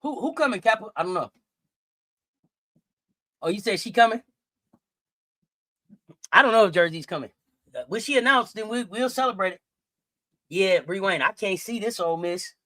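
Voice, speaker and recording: Hosting a live sports talk stream, a woman rants heatedly at her viewers, swearing a lot, repeating herself, and addressing them directly and often. Her mid-range, slightly bright voice has lively intonation and a moderate pace with frequent pauses, in a dry recording.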